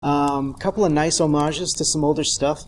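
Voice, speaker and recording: A man's voice: a little high, fairly even intonation, normal speed, slight background noise. A man hosting an unscripted TV episode review, talking in a conversational, rambling way with wry asides. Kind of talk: unscripted casual review monologue.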